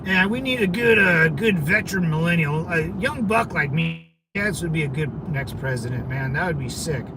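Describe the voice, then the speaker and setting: Background noise accompanies this man in his thirties, a Marine veteran running his own channel, as he chats loosely on a livestream, cursing often, using lots of fillers, and wandering from subject to subject. He sounds fairly high and expressive, speaking at a normal speed with hardly any pauses.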